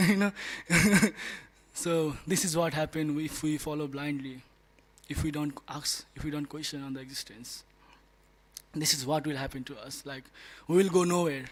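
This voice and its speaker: A man speaking at a devotee class, telling a story with animated delivery and frequent laughter. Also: a little high, normal speed. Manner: laughs often, animated, restarts words. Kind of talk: storytelling talk. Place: temple class room.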